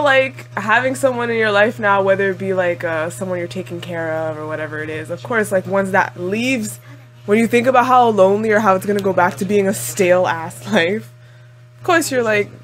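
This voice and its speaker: A woman chatting through a casual anime reaction video, talking expressively with lots of "like" and frequent laughs. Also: mid-range voice. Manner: chatty and expressive, heavy use of "like"; laughs often, exclaims at the screen.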